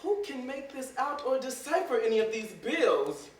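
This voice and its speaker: An actor playing a petulant, bossy hypochondriac master in a stage comedy, complaining and wailing theatrically. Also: male voice, extremely high pitch, sing-song, moderate pace, recorded from a distance, slight background noise. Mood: grumbling. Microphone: distant room mic. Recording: echoey theater recorded from afar.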